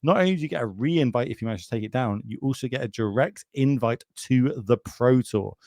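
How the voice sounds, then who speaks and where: A man's voice: medium pitch, a little fast, a little mellow, no room sound, studio quality. A British man commentating live on a card game tournament, chatty and joking, plugging the channel between plays. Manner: chatty, jokey, plugs the channel.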